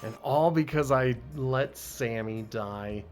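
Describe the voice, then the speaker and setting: A man's voice: medium pitch, slow pace, soft background music. A man streaming a game, talking in a laid-back, self-deprecating, casual commentary style.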